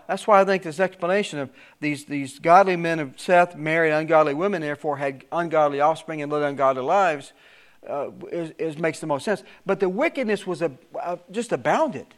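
A man's voice: fairly high pitch, expressive, normal speed. A man teaching a verse-by-verse Bible study, reading scripture aloud with rising emphasis, then explaining it in plain talk with frequent repeated words. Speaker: preacher.

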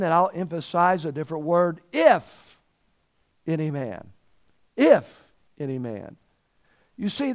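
A man preaching a sermon, repeating key phrases for emphasis and reading scripture aloud in old-fashioned wording. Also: on the high side. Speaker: pastor.

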